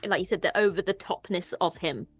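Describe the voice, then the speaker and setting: A woman's voice: fairly low pitch, fairly quick, breathy edge, no room sound, faint music behind. A woman with an Irish accent co-hosting a casual TV discussion, chatty and enthusiastic. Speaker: co-host.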